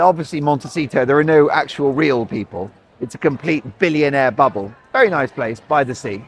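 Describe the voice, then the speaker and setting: A man in his forties, a talk show host rambling in chatty, sarcastic commentary, recorded outdoors. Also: fairly high pitch. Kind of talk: opinionated commentary.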